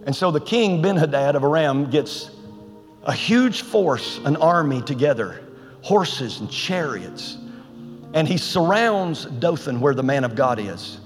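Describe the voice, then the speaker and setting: A man preaching a sermon to his church, telling a Bible story in a lively, colloquial way. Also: on the high side, a little slow, long reverb tail, faint music behind.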